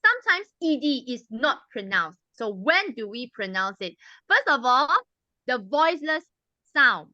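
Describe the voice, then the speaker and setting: A woman, the club president, explaining grammar and pronunciation to a meeting in a patient, teacherly way and drilling sounds slowly. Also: high-pitched, big pitch swings, bright, forceful tone, no echo, highs cut off. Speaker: club president giving a language evaluation.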